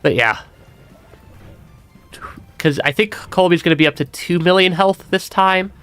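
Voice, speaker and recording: A man's voice: high-pitched, measured pace, fairly bright tone, smooth, no room sound, faint music behind. A man streaming a game with a stuffy nose, chatting casually, laughing often and restarting his sentences. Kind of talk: casual gameplay commentary.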